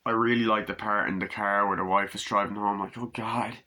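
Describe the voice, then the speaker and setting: Rambling, swearing man with a bright voice. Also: on the low side, level tone, a little fast. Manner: rambling, profane, acts out scenes in quoted voices. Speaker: movie reviewer. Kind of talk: casual movie review.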